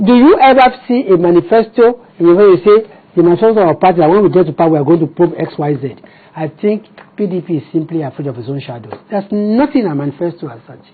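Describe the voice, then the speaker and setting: A man's voice: high-pitched, slightly rough, narrow, tinny audio. A Nigerian-accented man speaking as a party spokesman in a TV interview, combative and firing off rhetorical questions.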